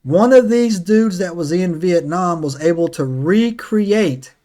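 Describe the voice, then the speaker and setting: Excitable man telling stories on a podcast. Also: sits high, a little slow. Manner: excitable storyteller, lots of "right?" and "man". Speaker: podcast host. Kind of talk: casual podcast chat.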